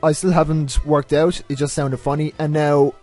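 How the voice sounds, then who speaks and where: A man's voice: fairly high pitch, flat delivery, normal speed, soft background music. A man with a stuffy, nasal voice from a cold, hosting a rambling, self-mocking let's play commentary. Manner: rambling, self-mocking, drifts between loud and mumbled asides. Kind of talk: casual gameplay commentary.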